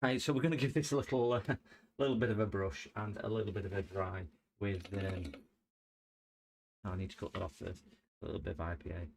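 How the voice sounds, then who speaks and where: A man's voice: low-pitched, fairly quick, gravelly, pauses often, a little mellow, slight background noise. A middle-aged man streaming a repair, chatting jokily and rambling as he works. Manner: jokey, rambling, sings and hums to himself. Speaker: livestreamer repairing electronics. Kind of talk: casual chat while working.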